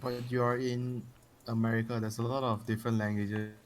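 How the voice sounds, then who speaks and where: A man's voice: mid-range voice, brisk. Guy casting a game, teasing and blunt, faint hiss behind. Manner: blunt and teasing, excitable reactions. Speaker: esports caster. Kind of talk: casual play-by-play commentary.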